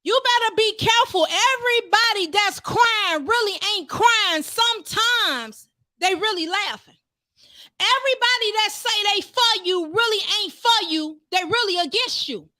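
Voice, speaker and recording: High, bright-voiced woman preaching fervently. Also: expressive, unhurried, no room sound. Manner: fervent, rising to shouts, calls out to the congregation. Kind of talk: sermon.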